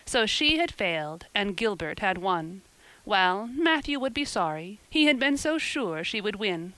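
Woman narrating a storybook, smooth and clear. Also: mid-range voice, sing-song, unhurried, bright, forceful tone, dry recording, rough recording. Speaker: audiobook narrator. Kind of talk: scripted narration.

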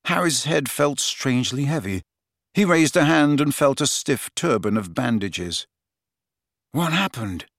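A man narrating an audiobook with steady, expressive storytelling. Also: medium pitch, unhurried, no echo, studio quality. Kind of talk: scripted narration.

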